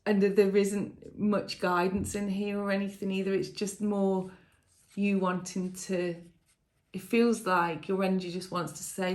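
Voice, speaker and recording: A woman giving a tarot reading to viewers in a casual, emotional way, often laughing softly and thinking aloud with fillers and restarts. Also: medium pitch, fairly even intonation, measured pace. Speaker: tarot reader.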